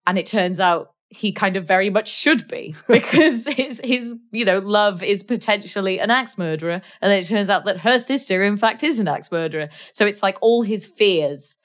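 A woman's voice: medium pitch, animated, moderate pace, few pauses. A Welsh woman co-hosting a casual film chat, chatty with many fillers and restarts. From Wales. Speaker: podcast co-host.

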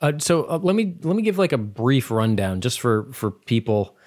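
A man's voice: medium pitch, big pitch swings, normal speed, darkish tone, no room sound, studio quality. A man co-hosting a podcast in casual chat, rambling loosely and laughing often. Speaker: podcast co-host.

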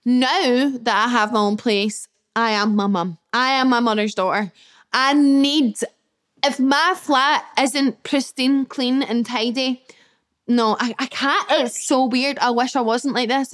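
Young woman, podcast host, slightly high voice, chatty, candid, casual swearing, reacting to listener comments. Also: fairly bright tone. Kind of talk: casual solo podcast chat. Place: her flat, indoors.

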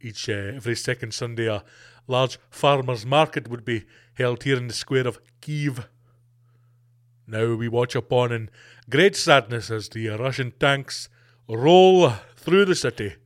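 A man mocking a solemn TV news reporter at a war scene, speaking low and hushed in a grave broadcast tone. He keeps his own accent under the put-on delivery. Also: unhurried, lightly acted.

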